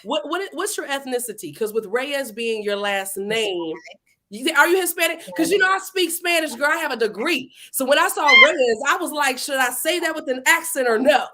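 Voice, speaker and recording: Middle-aged woman hosting a livestream chat, fairly high voice, lively, jokes with her viewers. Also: moderate pace, noisy background. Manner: lively, playful, talks straight to viewers. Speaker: host. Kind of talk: casual livestream interview.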